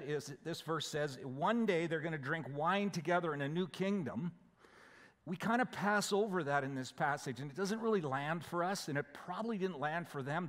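A man's voice: fairly high pitch, fairly bright tone. A man preaching a sermon as pastor, explaining scripture verse by verse in a conversational way. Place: church sanctuary. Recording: church hall with long reverb.

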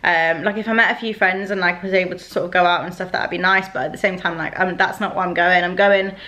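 A woman's voice: fairly low pitch, steady tone, fast talker, bright, forceful tone. Chatty woman vlogging at home. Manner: chatty, rambling, full of "like" fillers. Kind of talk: casual to-camera vlog. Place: at home indoors.

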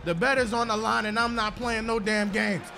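A man giving hyped gameplay commentary, shouting and trash-talking at the game. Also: high-pitched, steady tone, moderate pace, vocal fry. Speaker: gaming video creator. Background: music.

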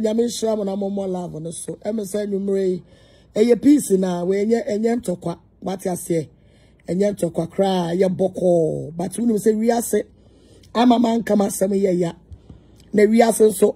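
A woman's voice: medium pitch, moderate pace, dark tone, breathy edge. A woman preacher with a Ghanaian accent gives a heated, confrontational address. She talks emphatically and repeats her points.

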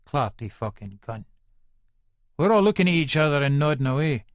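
Here a man with a slightly high, very animated voice speaks at a normal speed in a dry recording without echo. He is an actor voicing a menacing first-person narrator in a full-cast audiobook: a volatile, foul-mouthed Leith man in middle age, delivered in a coarse, swearing Edinburgh Scots accent.

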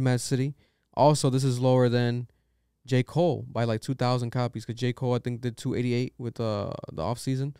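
A man's voice: mid-range voice, dark tone, clean tone, no room sound, studio quality. A young man hosting a casual podcast, ranting with strong opinions and plenty of swearing. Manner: opinionated, profane, rambling rants. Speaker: podcast host.

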